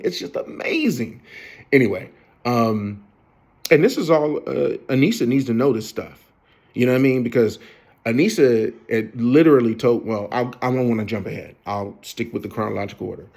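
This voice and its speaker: A man's voice: medium pitch, expressive, brisk, gravelly, a little mellow. Profane rambling fifty-year-old man. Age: 50s. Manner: profane, rambling, many fillers and restarts. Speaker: vlogger. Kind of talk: rambling confessional storytelling.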